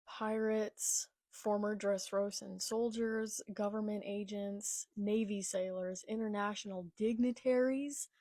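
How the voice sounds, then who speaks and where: A young woman reads a comic aloud and reacts as she goes, excitable and often dropping into whispered asides. Her delivery is slow and unhurried, with a gravelly, fry-tinged texture. The sound is dry and close, with no room echo. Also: mid-range voice. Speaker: manga reaction reader. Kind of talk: live manga read-along with reactions.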